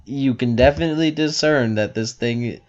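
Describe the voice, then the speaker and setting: A man's voice: mid-range voice, normal speed, muffled recording. A man narrating a tabletop game as game master, explaining rules in a rambling way full of fillers.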